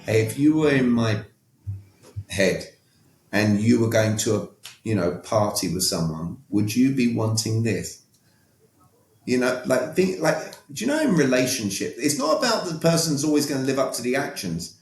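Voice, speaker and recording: A man's voice: mid-range voice, big pitch swings, moderate pace. Emphatic British man, roomy sound. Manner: emphatic, direct, tags points with "all right?". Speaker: guest, communication coach. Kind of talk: casual interview talk. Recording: roomy echo.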